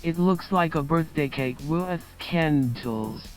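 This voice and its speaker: A man on a live stream reading out an AI-written story in a plain, even manner. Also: on the high side, slow, soft background music. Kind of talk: reading story text aloud.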